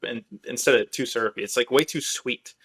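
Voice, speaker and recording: Brisk and fairly bright in a mid-range voice, this podcast host from Michigan tells meandering stories in a casual chat, leaning heavily on fillers.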